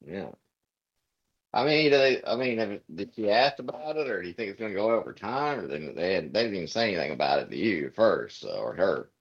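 A man co-hosting a podcast, chatting casually with jokey, quick interjections. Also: on the low side, slightly rough. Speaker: podcast co-host. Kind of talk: casual conversational chat. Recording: dull lo-fi sound.

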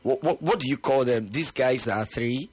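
A man's voice: medium pitch, normal speed, a little mellow, husky. A man with a Nigerian accent hosting a casual chat, teasing and opinionated, laughing often.

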